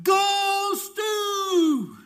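A tireless mother bellowing encouragement from the sidelines, as a preacher puts her on, her voice leaping high and shrill. Loud and piercing, she keeps on shouting as if through a big megaphone, never letting up. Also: very animated, extremely slow, heavily acted. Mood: yelling. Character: relentless mother yelling for her running son.

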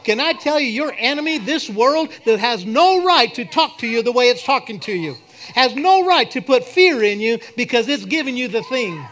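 A man preaching a sermon and leading a prayer at a church service, swinging from loud declarations to quiet prayer. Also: extremely high pitch, animated, normal speed. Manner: preaching, rising to shouts then dropping to a soft prayer. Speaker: pastor.

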